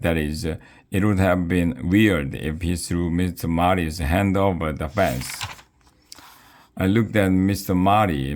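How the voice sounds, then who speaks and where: Man reading a kids' book aloud, deep voice, playful, expressive. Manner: playful, expressive child narrator voice.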